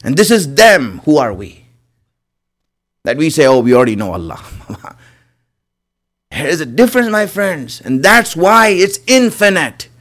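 Guy preaching a sermon, earnest, keeps saying my friends, kinda higher voice. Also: sing-song, slow, pauses often, a bit bright. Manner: earnest, repeats phrases for emphasis, addresses listeners as my friends. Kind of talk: religious sermon.

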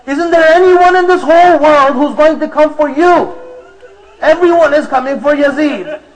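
A man's voice: very high voice, normal speed, rough recording. A man preaching to a congregation, retelling a story with emotion and drama. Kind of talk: sermon storytelling.

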